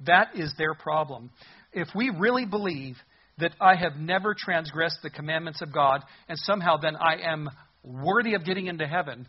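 Husky-voiced man preaching a sermon. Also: on the high side, normal speed, dull audio. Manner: animated preaching, acting out voices from the passage. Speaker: pastor.

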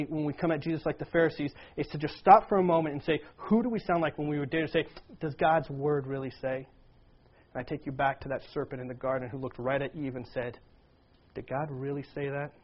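A man's voice: fairly high pitch, slightly rough. A man preaching a sermon, earnestly reading scripture and acting out quoted lines with a raised voice. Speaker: pastor. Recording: dull lo-fi sound.

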